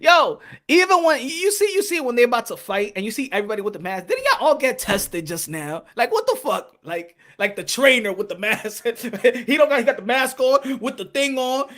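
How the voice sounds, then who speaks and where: High, bright-voiced man streaming boxing talk. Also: moderate pace, hardly any pauses. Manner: profane, laughing, animated banter with chat. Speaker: boxing channel host. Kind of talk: casual live-stream commentary.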